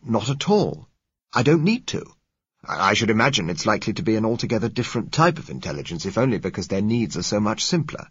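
An earnest, lecturing man presses his theory point by point, read by a man in his own low voice. The voice is husky and dry, with no room sound around it. The recording is dull and lo-fi. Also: sing-song, fast, no room sound. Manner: argumentative, lecturing. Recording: muffled lo-fi recording.

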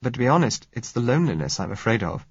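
A man's voice: medium pitch, sing-song, fast, breathy edge, no room sound, highs cut off, voice pushed up. A man voicing a spirited young woman. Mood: earnest. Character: young woman, spirited, shaken but wry.

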